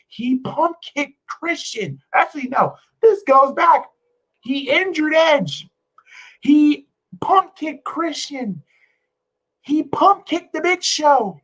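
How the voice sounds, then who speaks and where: A woman's voice: high voice, poor audio. A woman streamer ranting to her chat in an exasperated, profane way, repeating herself for emphasis. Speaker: wrestling streamer. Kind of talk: livestream rant to chat.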